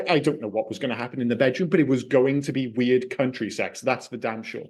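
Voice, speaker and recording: A man co-hosting a podcast, chatting casually about a film with lively swearing and acted-out quips. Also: medium pitch, quick pace. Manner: animated, swears freely, acts out quips. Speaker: podcast co-host. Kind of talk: casual film review chat.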